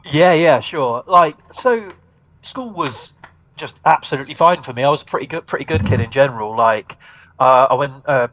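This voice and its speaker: A man from Norway, a band's bassist, chatting as a podcast guest in a laid-back, rambling, modest way over a video call. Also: animated, moderate pace, fairly bright tone, lo-fi sound, a little hiss or hum. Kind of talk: casual interview chat.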